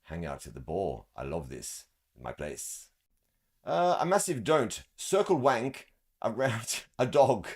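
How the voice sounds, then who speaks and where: A man's voice: fairly low pitch, sing-song, takes it slowly, a little mellow, husky. A man giving crude, sarcastic comedic commentary as a show host, swearing heavily and handing out mock advice. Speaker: show host roasting event photos.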